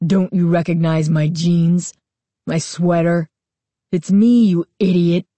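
A woman voicing a girl in a monster mask, speaking in a gruff, raspy, slow growl for a storybook reading. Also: fairly low pitch, steady tone, mellow, dry recording. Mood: mocking.

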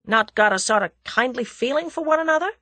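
A woman's voice: high voice, animated, brisk, pushed and bright, dry recording, pitched above the performer's own voice. A woman voicing a brash, friendly young American man who talks in folksy slang. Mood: teasing.

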